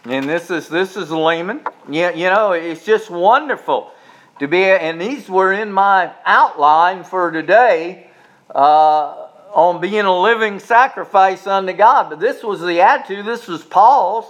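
A man with a fairly high voice preaches a sermon in a plain, folksy way. He often trips over and repeats his words. Then he rises into loud, stretched-out preaching. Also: lively intonation, a little slow. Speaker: pastor.

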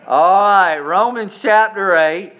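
Man preaching, high voice, swings loud to hushed, dull lo-fi sound. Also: slow. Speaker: pastor. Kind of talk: sermon.

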